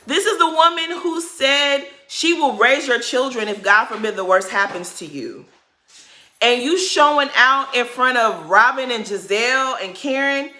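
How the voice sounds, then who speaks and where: A woman recaps a reality TV episode in a casual, blunt way, full of slang and swearing. Her voice is bright and a little high, and her pitch swings widely as she reacts. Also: animated, unhurried. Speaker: recap host.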